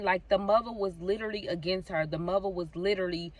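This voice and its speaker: A woman's voice: fairly low pitch, steady tone, a little fast, dry recording, far from the mic. Chatty woman retelling a true-crime story. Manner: chatty, addresses viewers directly, frequent fillers like "so basically". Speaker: storytime vlogger.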